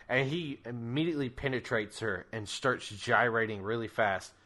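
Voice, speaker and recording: A man's voice: mid-range voice, moderate pace, sharp tone. A man narrating as game master of a tabletop game, rambling and joking crudely between laughs.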